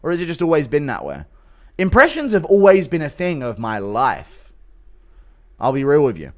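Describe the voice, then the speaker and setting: Lively, joking male streamer. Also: on the low side. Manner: crude, joking, swears freely. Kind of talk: casual chat with viewers.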